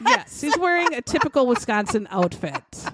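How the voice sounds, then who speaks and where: A woman's voice: fairly high pitch, big pitch swings, normal speed, very noisy. A woman co-hosting a casual true-crime podcast, talking bluntly, swearing freely and acting out what people said. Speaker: podcast co-host.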